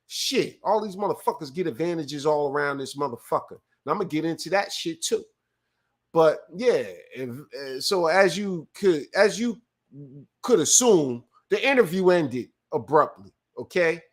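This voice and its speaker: A man's voice: a little high, sharp tone. A man from California hosting a live show, swearing freely and telling loose stories with frequent restarts while answering viewer chat. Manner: profane, loose storytelling with restarts. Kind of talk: casual livestream commentary.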